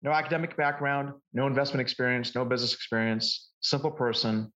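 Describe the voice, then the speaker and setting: Animated man telling stories, dull lo-fi sound. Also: mid-range voice, a little fast. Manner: animated, lively anecdotes with frequent restarts. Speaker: market forecasting coach, guest. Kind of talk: conversational interview storytelling.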